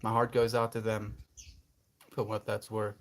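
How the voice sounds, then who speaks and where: A man's voice: on the low side, monotone, unhurried, background noise. A man chatting casually on a livestream, reflective and earnest, laughing often as he answers his chat.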